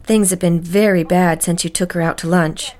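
An actress playing a worried housekeeper in an audio drama, speaking in a hushed, confiding way. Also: female voice, fairly low pitch, steady tone, normal speed, natural voice. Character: woman, worried family housekeeper.

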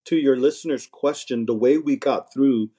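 A man with a warm, husky, mid-range voice chats casually at a moderate pace as a podcast guest; he is a married minister. He speaks earnestly and often repeats words as he begins a thought.

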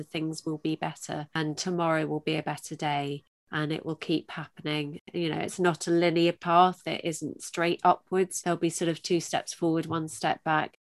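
Podcast host lady, low voice, heartfelt and open, dry close sound. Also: no room sound. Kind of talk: podcast interview.

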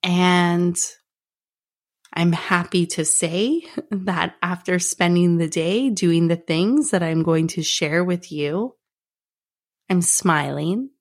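Earnest, low-voiced woman podcast host. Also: slow pace. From Canada. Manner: earnest, heartfelt, repetitive phrasing. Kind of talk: personal podcast monologue.

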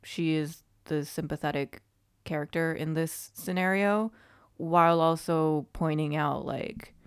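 A young woman co-hosting a podcast in easy conversation. Her voice is on the lower side for a woman. She makes her points emphatically and peppers her speech with "like.". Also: steady tone, a little slow, clean tone. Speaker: podcast co-host. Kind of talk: casual chat.

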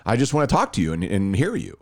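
Animated man telling a story. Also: fairly low pitch, quick pace. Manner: animated, acts out quoted dialogue. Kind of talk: casual storytelling chat.

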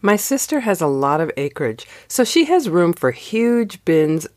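A woman hosting a devotional show, giving a slow, expressive scripted narration. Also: fairly low pitch, no room sound, clean studio sound. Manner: slow, expressive storytelling read. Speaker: devotional podcast host.

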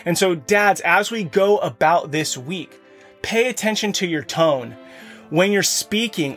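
A man in his thirties or forties hosting a podcast for fathers, giving an earnest motivational talk from his home office and speaking straight to the listeners. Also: fairly high pitch. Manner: earnest, addresses listeners directly. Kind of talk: motivational monologue.

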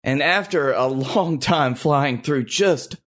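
A man's voice: fairly high pitch, slow pace, fairly bright tone. A man narrating a comedic tabletop game as game master, rambling with lots of fillers. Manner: rambling, hesitant, with many fillers.

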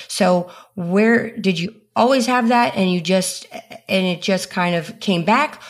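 Woman, podcast host, lowish pitch, rambling, hesitant interview questions.

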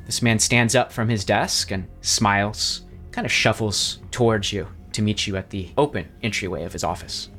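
A man's voice: fairly low pitch, fairly even intonation, normal speed, fairly bright tone, faint music behind. A man narrating a tabletop game as game master, speaking in a descriptive way with frequent restarts.

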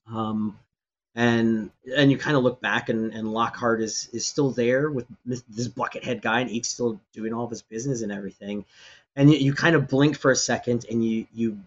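A man's voice: mid-range voice, steady tone, moderate pace. A man narrating as game master of a tabletop game, with a loose, rambling delivery full of fillers and restarts. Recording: slightly dull lo-fi stream audio.

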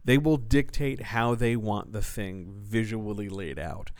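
A man with a fairly low voice talks through a listener question on his podcast in a loose, explanatory way. He hesitates, restarts, and drops in fillers as he thinks aloud, like a coach speaking off the cuff. The sound is dry and close, with no room echo. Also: unhurried. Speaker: writing coach and developmental editor. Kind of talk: casual solo podcast Q&A.

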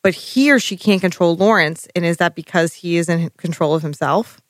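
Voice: mid-range voice, normal speed, dry recording. Chatty podcast co-host, dry close sound. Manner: chatty, laughs often, thinks out loud, swears. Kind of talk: casual recap chat.

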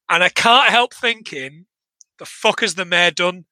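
An English man with a high voice and a sharp, very bright tone co-hosts a casual podcast. He rambles through a film recap, swearing freely and restarting his sentences. The sound is close and dry. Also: normal speed, no echo, rough recording. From England. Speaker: podcast co-host.

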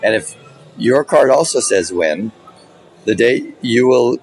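A man's voice: deep voice, brisk, slight background noise, rough recording. A man who works as a magician, telling stories in a casual podcast interview and acting out his own stage patter as he goes. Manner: animated, acts out his stage patter in retelling.

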